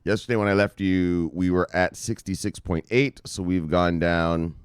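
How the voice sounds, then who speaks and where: Male host for casual market commentary: low-pitched, dry close mic, loose and profane. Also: normal speed, clear, resonant tone, no room sound. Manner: profane, excitable, laughs often. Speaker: crypto news show host.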